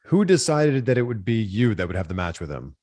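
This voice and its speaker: Low-voiced interview host, man. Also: very animated, a little mellow, a little hiss or hum. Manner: brief affirmations and laughs, asks measured questions. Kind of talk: interview questions.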